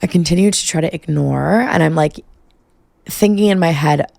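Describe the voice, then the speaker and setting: A woman's voice: sits low, moderate pace, gravelly, darkish tone, no room sound. A young woman podcast host in her twenties telling a personal story casually, peppering every phrase with "like" and swearing freely. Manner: profane, valley-girl filler "like".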